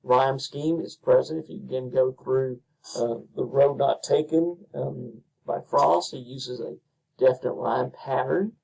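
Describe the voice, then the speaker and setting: A male instructor explains his material in an unhurried way, dotted with ums and uhs. His voice is gravelly and husky. It sits at a middle pitch and is picked up from some distance off the mic. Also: fairly even intonation, mellow. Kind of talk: recorded lecture.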